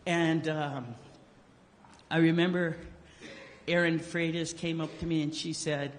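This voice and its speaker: At a measured pace, a man whose voice is on the high side offers a eulogy as casual, humorous storytelling, acting out each quote. The memorial service hall gives the recording a long reverb.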